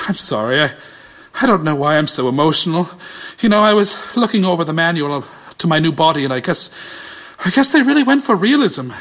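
A man narrating a comedic audio drama, whining and rambling off into self-pitying asides. His voice is high and very lively, with faint music underneath.

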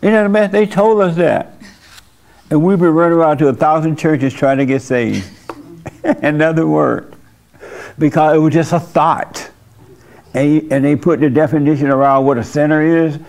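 A man's voice: fairly high pitch, moderate pace, gravelly, pauses often, darkish tone. A man leading an informal church service, talking bluntly and conversationally with his congregation in a folksy way. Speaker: pastor.

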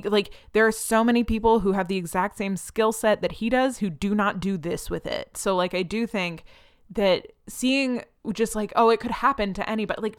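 Young woman, podcast host, middle-pitched smooth voice, casual filler-heavy commentary. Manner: chatty, frequent "like" fillers, animated quoting of people.

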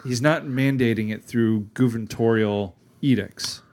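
A man's voice: medium pitch, measured pace, a little mellow. A man co-hosting a casual political chat podcast, wry and joking. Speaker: podcast co-host.

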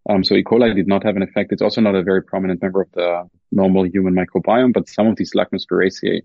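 Low raspy german guy explaining science on a podcast, kinda muffled. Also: little pitch movement, racing, dry recording. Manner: careful, explanatory, frequent fillers and restarts. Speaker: guest scientist. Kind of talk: podcast interview.

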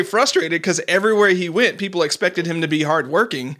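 A man's voice: on the high side, a little fast, few pauses, a bit bright. A man hosting a podcast interview, talking reflectively in a casual way and acting out the voices he quotes with small laughs. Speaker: podcast host.

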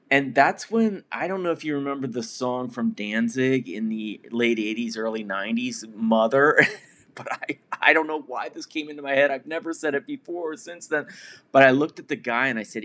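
A man's voice: medium pitch, animated, moderate pace, a bit bright. A man in his forties, a podcast host in recovery, telling a personal story in a casual, rambling way with many fillers and chuckles at his own expense.

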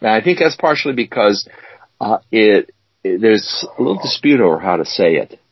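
Podcast co-host: man, husky and fairly low, casual and rambling, on a dry, dull recording. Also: big pitch swings, normal speed, no room sound. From United States. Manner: rambling, with many fillers and restarts. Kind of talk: casual chat.

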